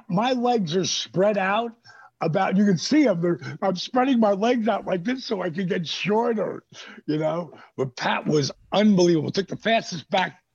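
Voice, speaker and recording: A middle-aged man telling animated, profane stories on a podcast, acting out the voices of people he quotes. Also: sits high, creaky, husky. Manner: animated, profane storyteller who acts out quotes. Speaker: guest. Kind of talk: casual storytelling. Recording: dull lo-fi podcast audio.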